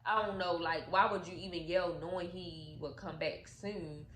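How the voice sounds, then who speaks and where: Animated woman retelling a movie, roomy. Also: on the low side, normal speed. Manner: animated, profane, acts out quotes. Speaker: storytime vlogger. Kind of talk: casual movie recap storytelling. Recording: echoey room with faint noise.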